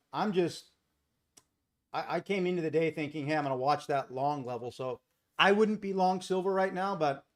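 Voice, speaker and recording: A man hosting a live trading stream, talking casually and answering viewers from the chat by name. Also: mid-range voice. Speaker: day trading livestream host. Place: home in Costa Rica. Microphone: desk mic without boom arm.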